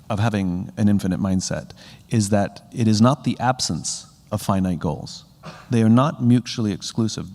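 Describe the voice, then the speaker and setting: A man's voice: fairly low pitch, darkish tone. Conversational man speaking in a reverberant hall. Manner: conversational, acts out quoted dialogue with rising animation. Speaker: speaker on leadership. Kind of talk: keynote talk to an audience. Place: large hall with a live audience.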